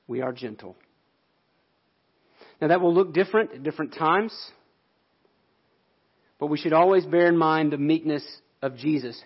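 A man's voice: on the high side, lo-fi sound. A man pastor delivering a sermon in an earnest, explanatory way.

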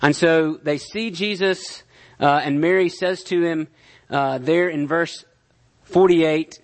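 A man's voice: fairly high pitch, takes it slowly. A male pastor giving a conversational sermon, often checking in with his listeners. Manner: conversational, checks in with "right?" and "okay?".

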